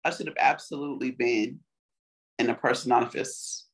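A woman co-hosting a casual chat, joking and playful, often clearing her throat. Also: extremely low pitch, steady tone, normal speed.

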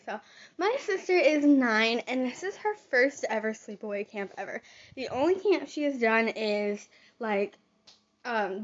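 A teenage girl talks through a casual vlog life update, rambling and full of fillers. Her voice sits high. The recording sounds a bit dull and lo-fi. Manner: chatty, rambling with many fillers. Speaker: vlogger. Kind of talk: casual chat. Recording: dull lo-fi audio.

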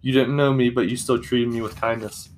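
A man's voice: medium pitch, steady tone, fairly quick, a little hiss or hum, close to an everyday voice, rough recording. A man voicing a wounded young warrior prince who speaks earnestly and formally, in a storybook reading.

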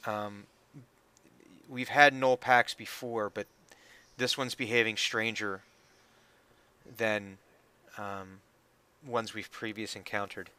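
A man voicing a serious female elf who speaks slowly and hesitantly. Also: steady tone, pushed and bright, clean tone, no echo. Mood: wary. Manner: slow, hesitant, low-key delivery.

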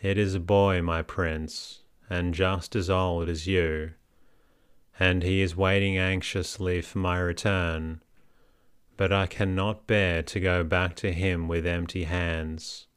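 Guy reading a poor weepy mom, begging, stammery, deep and clear, dry sound. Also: little pitch movement, slow, no room sound. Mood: pleading. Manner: stammering, pleading. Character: poor tearful mother, pleading.

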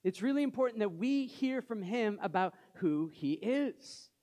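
High-voiced conversational preacher man. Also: lively intonation, unhurried, dark tone. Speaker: pastor. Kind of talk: sermon.

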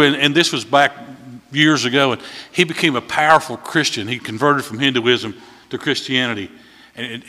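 A man preaching a sermon in a folksy storytelling way, voice swelling louder at key points. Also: mid-range voice. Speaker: visiting preacher. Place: church sanctuary. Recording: long hall reverb.

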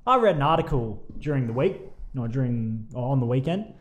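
A man's voice: mid-range voice, lively intonation, a little fast. An Australian man co-hosting a casual sports podcast, ranting and swearing freely. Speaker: podcast co-host. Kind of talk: casual footy podcast chat.

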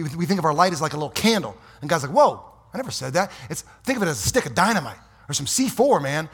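A man preaching a fiery, folksy sermon as pastor in a church, swinging from quiet asides to loud exhortation. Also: fairly high pitch, slightly rough. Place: church sanctuary.

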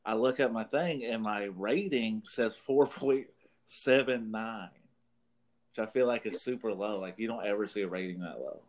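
A podcast co-host with a fairly low voice, talking at normal speed, tells a long, rambling story on a talk show. He swears freely and laughs through it.

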